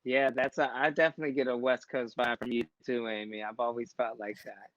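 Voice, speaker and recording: A man's voice: medium pitch, level tone, fairly quick, no echo. Laid-back man on dull lo-fi audio. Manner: laid-back, storytelling, laughs easily. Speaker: podcast co-host. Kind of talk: casual chat. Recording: dull lo-fi sound.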